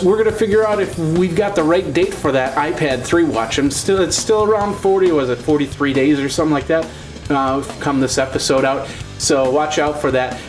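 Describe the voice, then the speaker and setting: A man hosting a tech show, giving a chatty, upbeat gadget demo with lots of fillers and restarts. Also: fairly high pitch.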